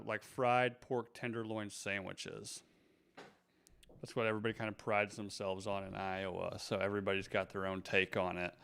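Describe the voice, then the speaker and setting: A man from North Carolina hosting a podcast in a relaxed, chatty way. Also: fairly low pitch, clear, resonant tone. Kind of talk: casual podcast chat.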